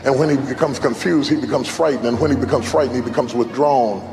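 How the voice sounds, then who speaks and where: A man's voice: mid-range voice, fast talker, over music. A man preaching a sermon in a rhythmic, sing-song cadence, calling out to the crowd.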